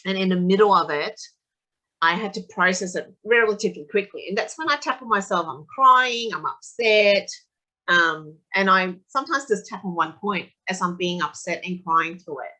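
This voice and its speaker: A woman, a tapping practitioner, talking casually as a guest and telling animated stories. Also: mid-range voice, moderate pace, rough recording. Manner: animated storyteller, acts out quotes of her son. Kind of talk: casual conversational interview.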